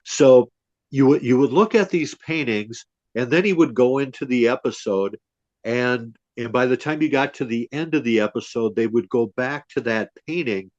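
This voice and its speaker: A man's voice: mid-range voice, moderate pace, darkish tone, no echo. A middle-aged man hosting a podcast, telling a story from memory in a rambling, casual way with fillers and restarts. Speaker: podcast host. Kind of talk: casual chat. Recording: dull lo-fi podcast audio.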